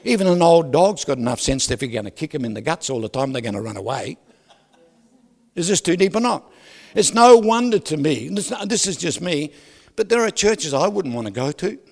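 A male pastor preaching a lively sermon, asking the congregation questions and swinging from loud to soft. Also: on the high side, a little fast, creaky. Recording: reverberant hall.

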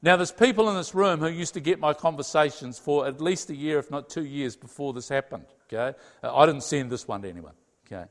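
A man tells a personal story to a roomful of listeners. His voice sits a little high for a man. He acts out each side of the conversations with lively swings in his voice. Long reverb hangs after his words in a large hall. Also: a little fast. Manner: animated storyteller, acts out his own and God's replies in dialogue. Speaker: speaker sharing a personal story. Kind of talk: testimony talk to a live audience.

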